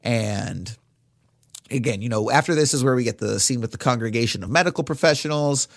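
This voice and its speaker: A man's voice: medium pitch, fairly quick, no room sound, clean studio sound. A male podcast co-host casually recapping a film scene by scene, with many fillers.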